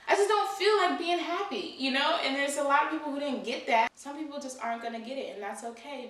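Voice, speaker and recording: A woman's voice: mid-range voice, fairly bright tone, distant mic. A young woman vlogging candidly and earnestly about her life, talking in a loose conversational way with lots of "you know" and "like". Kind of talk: candid personal vlog. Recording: very echoey room, voice away from mic.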